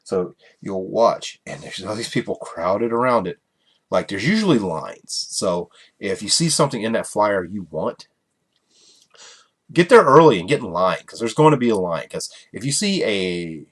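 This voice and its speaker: A man's voice: on the low side, sing-song, normal speed. A man hosting a casual solo podcast, rambling and chuckling through his stories with many fillers. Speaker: podcast host.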